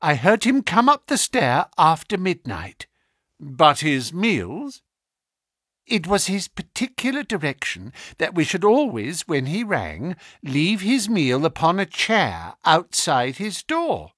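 A worried middle-aged landlady, read by a man, deferential and plain-spoken. Her pitch is fairly high and lively, and the sound is dry and close to the mic. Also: takes it slowly, breathy edge, dry recording, exaggerated voice. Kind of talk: audiobook character reading.

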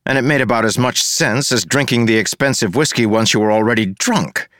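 A man narrating an audiobook in a wry, expressive way. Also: lowish voice, fairly quick, dry recording, studio quality.

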